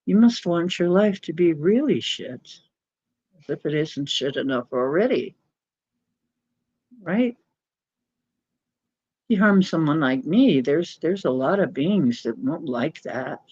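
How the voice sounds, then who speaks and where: A woman's voice: lowish voice, a little mellow, dry recording. A woman hosting a casual late-night livestream, rambling, mocking and laughing often. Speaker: livestream host. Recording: dull lo-fi stream audio.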